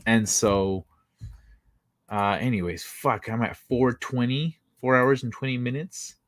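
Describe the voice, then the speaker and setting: A man's voice: mid-range voice, steady tone, unhurried, no room sound, studio quality. A man hosting a casual late-night livestream chat, talking in a blunt, profane, rambling way. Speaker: livestream host.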